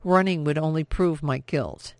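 A man reading an audiobook, voicing a shaken, bitter grown woman who speaks in clipped, sharp lines. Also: a little high, normal speed, no echo, lightly acted.

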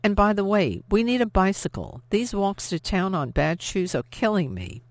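A narrator voicing a tired, defiant young woman with a sharp, sardonic edge. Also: mid-range voice, very animated, moderate pace, dry recording, pitched above the performer's own voice. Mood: defensive.

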